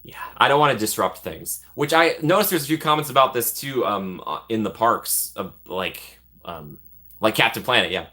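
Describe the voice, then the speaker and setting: A man's voice: on the low side, expressive, normal speed, bright, forceful tone. A young man chatting casually as a vlogger, rambling and self-deprecating, laughing often. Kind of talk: casual chat.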